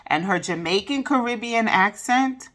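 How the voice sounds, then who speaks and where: A woman's voice: a little high, animated, moderate pace, fairly bright tone. A woman reviewing a documentary in a casual vlog, talking candidly with plenty of swearing and side tangents. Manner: candid, profane, digressive. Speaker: video reviewer.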